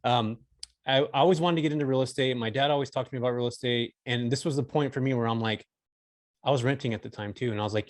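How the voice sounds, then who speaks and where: A Californian man in his forties guests on a podcast, telling a story in a laid-back, slangy style full of "dude" and "bro." He has a medium-pitched voice and talks fast. There is no room sound in this casual storytelling interview.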